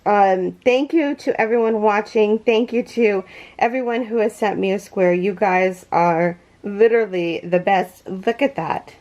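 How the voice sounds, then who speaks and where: A woman's voice: medium pitch, unhurried, a little mellow, lo-fi sound. A woman hosting a crochet vlog from her home yarn room, gushing with thanks and close to tears as she opens packages. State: near tears. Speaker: crochet channel host. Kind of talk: casual unboxing vlog.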